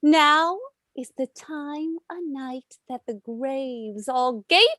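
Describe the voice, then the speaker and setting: A woman voicing the mischievous fairy Puck in an amateur online play reading, speaking verse slowly and deliberately with lively rises. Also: sits high, dry recording. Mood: eerie.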